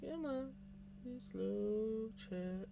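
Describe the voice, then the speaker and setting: A laid-back streamer talks to their live chat at a slow, unhurried pace. The voice sits in a middle pitch, and the talk drifts along with the odd sigh or yawn. A faint hum is heard behind. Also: gravelly. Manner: relaxed and unhurried, with sighs and yawns. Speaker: live streamer chatting with viewers. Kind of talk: casual livestream chat.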